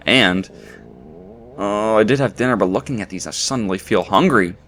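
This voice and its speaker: A man's voice: fairly low pitch, normal speed, fairly bright tone. A man giving casual, rambling commentary while playing a game and joking with viewers. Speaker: let's play commentator.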